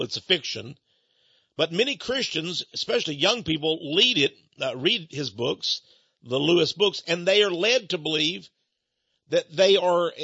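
A man's voice: a little high, creaky, slightly rough, no echo, highs cut off. A man preaching an impassioned sermon, talking straight to his listeners with rhetorical questions. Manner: animated, rhetorical, addresses listeners directly.

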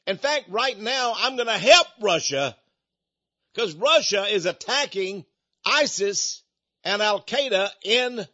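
An older man delivers a combative, sarcastic political rant and stumbles over repeated words. His voice is high and husky with a bright, tense edge, and the recording sounds dull and lo-fi. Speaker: political commentator. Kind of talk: opinionated political monologue.

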